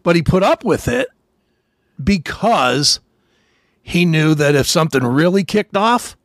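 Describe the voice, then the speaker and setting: Animated man telling army stories. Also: a little high, measured pace, dry recording, clean studio sound. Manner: animated, swearing, acts out quotes loudly. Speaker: podcast host, former soldier. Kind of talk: casual storytelling chat.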